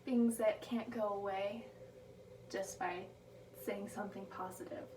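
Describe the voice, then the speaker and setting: A woman delivering a prepared motivational speech, slowing down to stress her key phrases. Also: mid-range voice, steady tone, dark tone, distant mic. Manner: emphatic, slows down on key phrases. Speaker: speaker giving a motivational speech. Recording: echoey room taken from afar, background noise.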